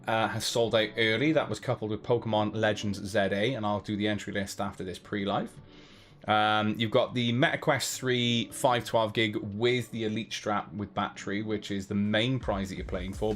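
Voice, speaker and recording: A man hosting a giveaway livestream, chatting casually to his viewers in a loose, rambling way full of fillers and restarts. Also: on the low side.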